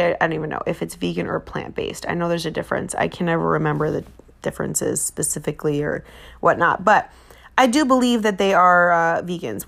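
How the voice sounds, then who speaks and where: A woman's voice: lowish voice, creaky, fairly bright tone. A woman, chatting on her podcast in a rambling way, full of fillers and self-corrections. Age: 40s. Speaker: podcast host. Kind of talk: casual chat.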